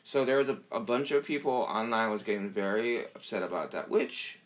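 A man co-hosting a casual chat about a TV show, animated and quick to mimic the people he talks about. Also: lowish voice.

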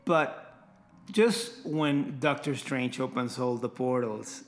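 A man's voice: medium pitch, slow. A man in casual conversation about a film, enthusiastic and often repeating words as he talks. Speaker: movie fan discussing a film. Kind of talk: casual chat.

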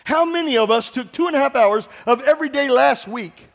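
A man preaching a sermon in a church, impassioned and swelling into shouts, putting direct questions to the congregation. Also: very high voice, fairly quick. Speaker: pastor.

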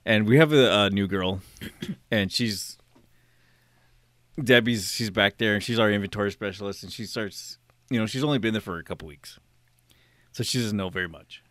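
Male co-host, low animated voice, easygoing chat, dry close sound. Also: no echo. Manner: chatty, quick to laugh along. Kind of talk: casual chat.

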